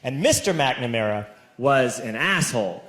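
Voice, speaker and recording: A young adult man telling a stand-up story on stage, animated, shouting punchlines and acting out quotes. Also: mid-range voice, moderate pace. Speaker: stand-up comedian. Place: stage before a laughing audience. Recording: echoey room with loud audience noise.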